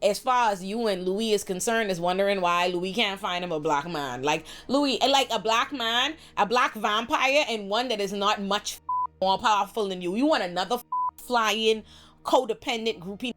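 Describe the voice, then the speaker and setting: A woman hosting a lively TV recap who jumps into the characters' voices as she retells scenes. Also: mid-range voice, a little fast, soft background music. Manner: expressive, acts out characters' lines. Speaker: host. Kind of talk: animated TV recap.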